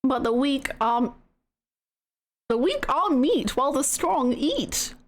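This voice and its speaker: A woman voicing a stern, sneering male prosecutor, reading game dialogue slowly and haughtily. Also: high voice, big pitch swings, full character voice. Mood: haughty. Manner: slow, haughty, disdainful. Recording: game music underneath. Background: game music.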